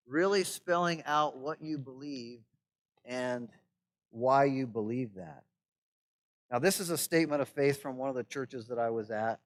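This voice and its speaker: Speaking at medium pitch, a male pastor lectures on church administration with a chatty approach, peppering it with wry remarks and frequent "right?" check-ins.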